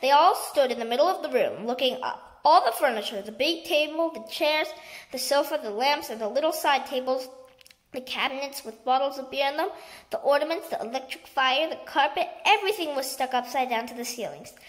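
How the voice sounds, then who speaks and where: A woman reading a children's book aloud in a lively storytelling manner. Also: high voice, brisk. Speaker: storybook reader.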